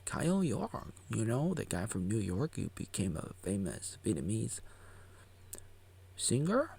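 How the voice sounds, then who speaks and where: A man's voice: on the low side, sing-song, measured pace, creaky, mellow, breathy edge. A man giving a goofy, rambling live reaction to a video about himself, jumping into silly voices and whispers. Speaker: vlogger reacting to his own documentary. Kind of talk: casual live reaction commentary.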